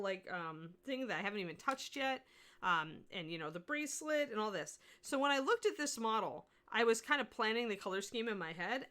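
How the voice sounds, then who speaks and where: Bright-voiced woman teaching miniature painting. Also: mid-range voice. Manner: chatty, answers viewer chat while painting. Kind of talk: casual livestream painting lesson.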